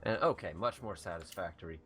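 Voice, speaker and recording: A man narrating a tabletop role-playing game as game master, explaining dice and describing combat with many pauses and fillers. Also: low voice, faint music behind. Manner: relaxed, halting, many fillers.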